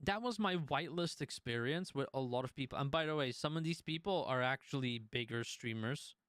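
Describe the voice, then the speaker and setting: A man's voice: mid-range voice, a little fast, fairly bright tone, dry recording, clean studio sound. A man streaming, chatting casually about his experiences, with many restarts and the odd swear word. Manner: conversational, restarts and swears while telling a story.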